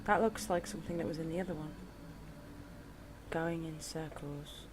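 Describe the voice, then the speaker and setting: A woman's voice: low voice, fairly even intonation, moderate pace, noisy background. Joking woman narrating her gameplay. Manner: jokey, talks back to the game, yelps when startled. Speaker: let's play gamer. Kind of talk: casual gameplay commentary.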